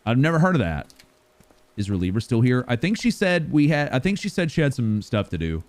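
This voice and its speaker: A man streaming a video game live, chatting playfully and rambling, sometimes loud and sometimes mumbling. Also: mid-range voice, sing-song, fairly quick. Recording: faint music behind the voice.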